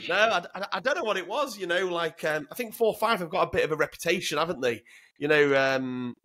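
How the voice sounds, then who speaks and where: A former commando from Northern England appears as an interview guest, his voice on the high side, pushed and bright, animated and a little fast. He tells frank, swear-laden stories in a casual way, often repeating words as he gets started.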